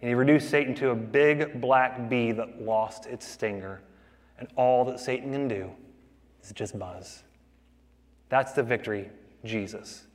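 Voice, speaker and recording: A man preaching a sermon in a dramatic way, rising to loud declarations and dropping to near whispers. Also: mid-range voice, in a large hall. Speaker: pastor.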